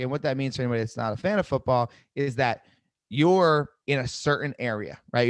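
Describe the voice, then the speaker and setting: A man coaching a live sales webinar, seated, energetic, repeating key phrases and asking "right?" often. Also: medium pitch, no echo. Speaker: sales trainer. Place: seated indoors at a desk.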